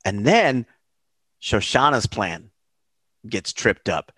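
A man co-hosting a casual movie podcast, retelling the plot in a relaxed way with casual swearing. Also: on the low side, slow, dry recording. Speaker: podcast co-host.

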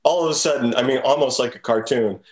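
A man's voice: mid-range voice, fast. A man in casual chat, animatedly retelling film scenes as a podcast co-host. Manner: animated storyteller who acts out scenes.

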